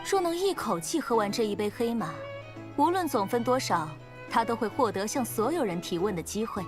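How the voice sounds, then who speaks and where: Woman playing a poised game-master lady, teasing, lively voice, game music underneath. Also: fairly high pitch, brisk, close to an everyday voice. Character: composed woman running a drinking game. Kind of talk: video game voice acting. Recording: game audio with music beneath.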